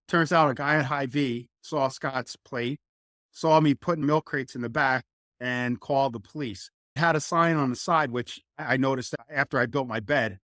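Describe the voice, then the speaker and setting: A middle-aged man from New Jersey, a former college football lineman, telling stories as a guest in a casual interview, lively, acting out quotes. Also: medium pitch, normal speed, no echo, studio quality. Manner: animated, acts out quotes.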